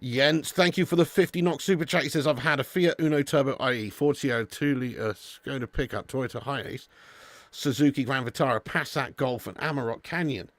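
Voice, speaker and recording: Chatty matey watch-along host, dry mic. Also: male voice, mid-range voice, normal speed, dry recording. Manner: chatty, banters with chat, calls viewers mate and lad. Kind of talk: casual live-stream chat.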